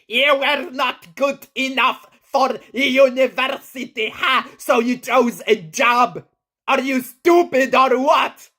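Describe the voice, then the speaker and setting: A man putting on a high, clicky voice to play a pushy, clumsy flirt. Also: slow pace, pushed and bright, exaggerated voice. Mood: mocking. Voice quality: high-pitched with clicky consonants.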